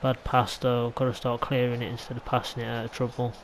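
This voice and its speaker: A rough recording with a little hiss or hum captures a man from England talking a little fast in a mid-range voice with completely flat delivery. He's a gaming YouTuber casually narrating his football game play, chatty, rambling, and full of mild asides.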